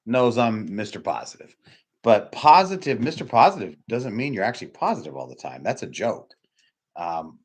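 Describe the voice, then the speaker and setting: A middle-aged man preaching a sermon in a church hall, blunt and emphatic, with sudden loud high bursts. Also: breathy edge. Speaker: pastor. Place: church hall with doors opening.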